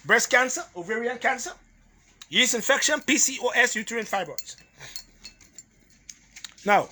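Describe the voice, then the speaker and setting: Male holistic health lecturer, high bright voice, hammers points home in repeated lists, laughs between points. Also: expressive, moderate pace, long pauses. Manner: emphatic, repetitive, drills points in lists. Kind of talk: health lecture to a live audience.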